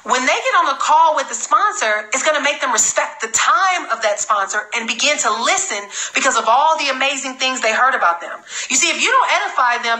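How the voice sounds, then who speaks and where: High bright energetic woman trainer. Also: echoey room, low-quality recording. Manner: energetic, emphatic, repeats for stress. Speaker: network marketing trainer. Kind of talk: live-streamed sales training talk.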